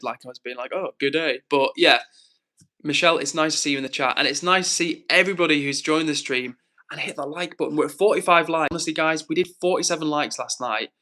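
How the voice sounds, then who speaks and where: An English man hosts a livestream, chatting casually and reading viewers' comments aloud in an upbeat, encouraging way. His voice is on the high side, with a sharp tone.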